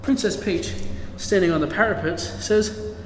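A man's voice: high voice, unhurried. A man hosting a livestream craft workshop, telling a playful story with toys, in an echoey hall with a distant mic and background hiss. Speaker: workshop host.

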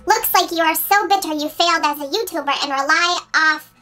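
A shrill, bright, nagging online commenter, put on by a woman reading her mean comments. The voice sits high and thin and mocks every word in a sing-song lilt. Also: fairly quick. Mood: mocking.

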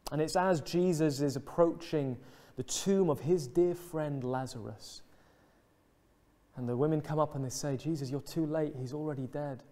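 A man preaching a sermon in an earnest, reflective way, dropping soft and slow on emotional lines. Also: a little high. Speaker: pastor. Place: church.

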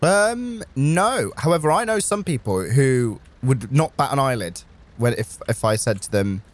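A man's voice: mid-range voice, expressive, a little slow. A man co-hosting a gaming video, chatting casually with a friend while playing, joking and telling silly made-up stories with frequent laughs. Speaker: co-host of a gaming channel.

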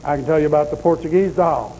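A man's voice: on the high side, quick pace, warm tone, low-quality recording. A man preaching a deliverance sermon in a folksy, blunt storytelling manner, with faint noise in the background.

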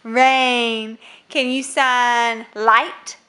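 Slow, bright-toned coaxing mother. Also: a little high, flat delivery, clear, resonant tone. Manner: coaxing, encouraging questions to small children. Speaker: parent filming her children. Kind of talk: casual home video. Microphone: phone camera held while filming.

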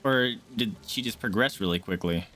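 A man streaming a game, chatting casually and shouting and swearing at enemies, with game music behind. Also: fairly low pitch, normal speed. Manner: excitable, yelling and swearing at enemies. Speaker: gaming streamer. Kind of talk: casual let's-play commentary.

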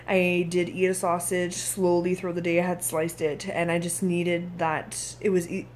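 A woman's voice: on the low side, slight background noise. Candid, tired Canadian woman vlogging. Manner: candid, frank, occasionally swears. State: tired and irritable. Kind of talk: casual video diary.

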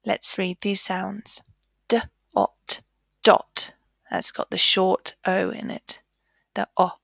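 A woman teaching a children's phonics lesson, sounding out letters and words slowly and clearly. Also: mid-range voice, monotone, a bit bright, no echo.

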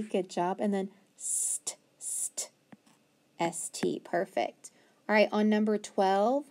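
A woman teaching a phonics lesson to young children, patient and encouraging, sounding out letters slowly. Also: mid-range voice, a little mellow.

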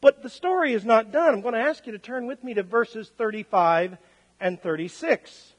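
A male pastor preaching a sermon, telling stories and swinging between loud and quiet. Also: extremely high pitch, moderate pace. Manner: storytelling with lively swings in volume. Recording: long church hall reverb.

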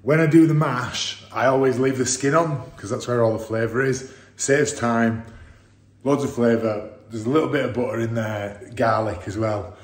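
A man's voice: medium pitch, steady tone, normal speed, slightly rough. A man, chatting to camera from his car in an upbeat, coach-like way. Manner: upbeat, motivational coaching talk. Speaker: vlogger and dad. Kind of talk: casual vlog chat to camera. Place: in a car on the school run.

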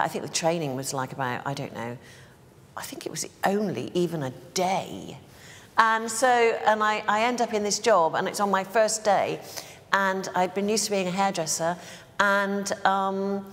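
A woman's voice: lowish voice, big-room sound. A woman in her sixties from Bristol, England, telling stories in a casual interview as a make-up artist guest, rambling with fillers and restarts. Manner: chatty storyteller, many fillers and restarts. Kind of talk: casual anecdotal interview talk.

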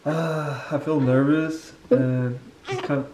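Low-voiced nervous woman. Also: steady tone, slow, mellow, echoey room, slight background noise. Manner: nervous and giddy, repeats herself. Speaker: mother meeting her newborn niece. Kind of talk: casual family chat.

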